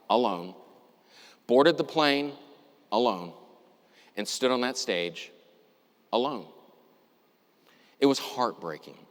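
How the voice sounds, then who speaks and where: A middle-aged man telling a personal story in a talk, reflective and measured, with deliberate pauses. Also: mid-range voice, fairly bright tone. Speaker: university administrator giving a talk. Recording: long reverb, as in a hall.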